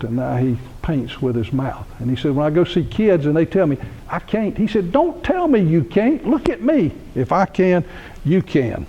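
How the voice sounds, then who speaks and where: A man's voice: on the high side, dark tone, dull audio. A man, telling humorous anecdotes in a folksy speech at a university event. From Georgia, US. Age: 60s. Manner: folksy anecdotal humor, laughs at own stories. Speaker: keynote speaker. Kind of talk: storytelling speech. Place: university lecture hall.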